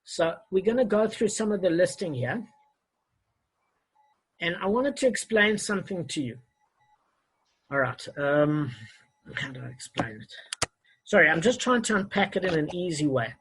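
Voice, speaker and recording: Man, online Talmud teacher on a video call; husky voice, hesitant delivery with self-corrections. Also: high voice, very animated, normal speed, long pauses, fairly bright tone, poor audio.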